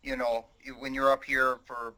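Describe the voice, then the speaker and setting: A man's voice: mid-range voice, level tone, moderate pace, bright, forceful tone, poor audio. A man voicing a proud, rambling middle-aged coal miner with a Pennsylvania Dutch accent, hesitant and full of ums. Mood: folksy.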